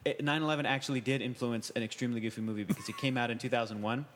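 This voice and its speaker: A man's voice: mid-range voice, steady tone, very fast, a little hiss or hum. Chatty man in a reverberant room. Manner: chatty, many fillers, quotes scenes in character voices. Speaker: podcast co-host. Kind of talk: casual film discussion.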